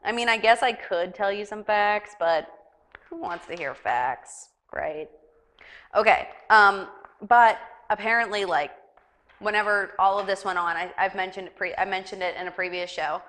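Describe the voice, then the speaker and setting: A woman's voice: medium pitch, moderate pace, a bit bright. A young woman hosting a casual news chat show, rambling and giggly, with lots of fillers. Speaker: talk show host.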